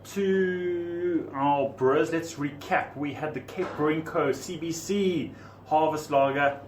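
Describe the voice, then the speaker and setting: A man's voice: fairly high pitch, slow. A man hosting a casual podcast, joking around with his guest and tripping over names. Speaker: podcast host. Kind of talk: casual chat. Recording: roomy, distant mic, background noise.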